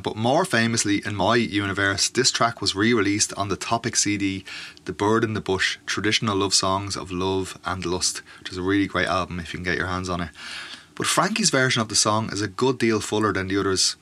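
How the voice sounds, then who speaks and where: A man hosting a podcast, chatting quickly and digressively about old folk ballads. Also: lowish voice, sharp tone. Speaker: podcast host. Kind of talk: spoken commentary on folk ballads.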